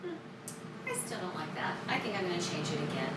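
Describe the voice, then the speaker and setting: A woman's voice: on the low side, sing-song, brisk. Sing-song woman teaching a kids' music lesson. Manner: cheerful, sing-song, claps out words. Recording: roomy, distant mic, loud background noise.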